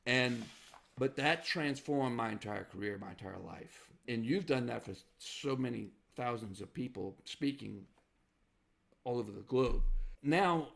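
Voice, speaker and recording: Male podcast host, gravelly, earnest encourager. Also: medium pitch, expressive, fairly bright tone. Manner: earnest, encouraging, quick backchannels. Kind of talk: casual podcast interview.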